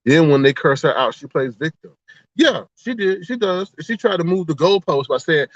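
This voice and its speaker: A man's voice: on the high side, moderate pace, dry recording, muffled recording. A man hosting a livestream, chatting casually to his viewers about online drama and acting out the exchanges he quotes. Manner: animated storyteller who acts out quoted exchanges. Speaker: livestream host. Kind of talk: casual gossip commentary to a live chat.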